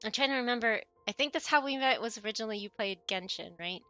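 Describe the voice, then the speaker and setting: A woman streams live and talks casually to her viewers. Her voice sits a little high and bright, with a crisp edge. She is chatty and giggly, drifts off mid-thought and starts over, and soft music plays faintly under her. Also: fast, no room sound, dull audio. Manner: chatty and giggly, trailing off and restarting.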